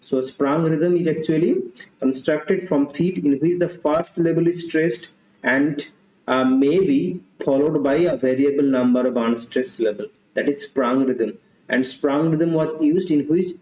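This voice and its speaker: A man's voice: a little high, measured pace, darkish tone. Man tutoring, roomy lo-fi sound. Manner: repeats questions and options, mixes in Hindi asides. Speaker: English literature tutor. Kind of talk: online exam-prep class.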